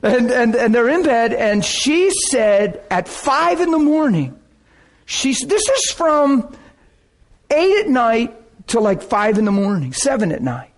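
A male pastor telling stories in a sermon, animated, acting out the people he quotes and breaking into high cries when excited. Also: measured pace. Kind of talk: sermon storytelling.

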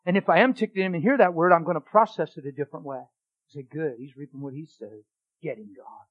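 A man's voice: on the high side, lo-fi sound. Dramatic storytelling male preacher. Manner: dramatic, swings from loud exclaiming to hushed near-whisper. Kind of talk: sermon testimony storytelling.

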